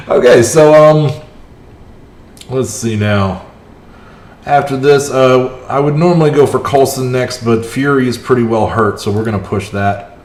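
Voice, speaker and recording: A man livestreaming a strategy game, keeping up a running, chatty commentary on his moves. He reacts aloud to each turn and answers his viewers as he plays. His mid-pitched voice sits in a roomy, echoey space. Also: a little slow, pauses often, darkish tone. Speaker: streamer. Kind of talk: live gameplay commentary. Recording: roomy echo.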